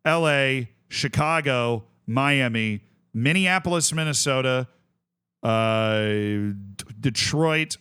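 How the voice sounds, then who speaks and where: A mid-range male voice, bright and forceful with a clear, resonant tone, belongs to a young man from Tampa, Florida. He streams a game in a casual livestream chat, thinking aloud while listing things and correcting himself.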